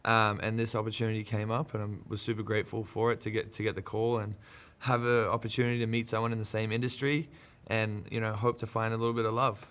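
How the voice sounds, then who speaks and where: Fast-talking man, candid and rambling. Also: lowish voice, flat delivery, fairly bright tone. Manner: candid, rambling, filler-heavy. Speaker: reality show contestant. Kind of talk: casual press interview.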